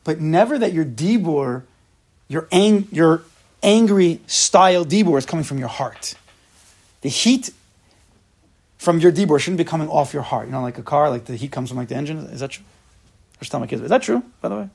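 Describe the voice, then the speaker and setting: Speaking fast in a slightly high, creaky, somewhat rough voice, a man leads an informal religious class. He's lively, addresses his listeners directly, and acts out the people in his stories.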